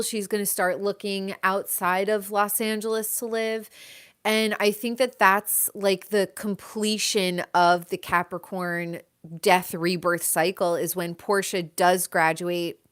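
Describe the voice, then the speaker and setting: A woman hosts a relaxed chat about her favorite reality shows, gushing and laughing as she goes. Her voice is smooth and clear, and she takes her time, drawing out her words. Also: mid-range voice. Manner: gushing, chatty, laughs often. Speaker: host.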